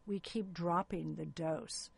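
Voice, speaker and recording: Gravelly, husky woman gynecologist. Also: lowish voice, fairly even intonation, slow pace. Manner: explanatory, earnest. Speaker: gynecologist guest. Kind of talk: interview.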